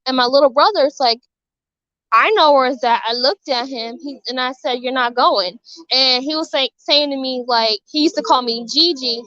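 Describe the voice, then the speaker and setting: A woman's voice: high-pitched, normal speed, sharp tone, dry recording, lo-fi sound. A woman telling her viewers a personal story in her childhood neighborhood, in a rambling, earnest way with many fillers and restarts. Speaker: vlogger sharing a testimony. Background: music.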